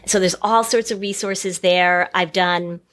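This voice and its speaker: Low-pitched woman guest, chatty and wry. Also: fairly even intonation, unhurried. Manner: warm, self-deprecating humor, frequent "um" and restarts. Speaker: guest psychotherapist and author. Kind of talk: casual interview chat.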